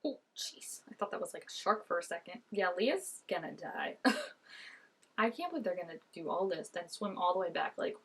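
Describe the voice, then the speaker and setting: A woman's voice: fairly low pitch, expressive, normal speed, fairly bright tone, slightly rough. A woman chatting and giggling through a TV episode, talking back to the characters on screen. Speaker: vlogger reacting to a TV episode. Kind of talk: casual reaction commentary.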